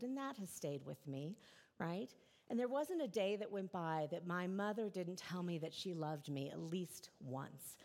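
A middle-aged woman pastor delivers a relaxed, chatty sermon from the front of a church. Her voice sits a little low for a woman, and she keeps turning to her listeners with a quick "right?". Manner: conversational, often adds "right?".

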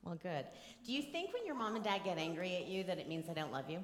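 Gentle, lower-voiced woman in her forties. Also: big pitch swings, fast, noisy background. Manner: gentle, questioning, drawing children in. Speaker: children's message leader. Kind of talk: children's sermon.

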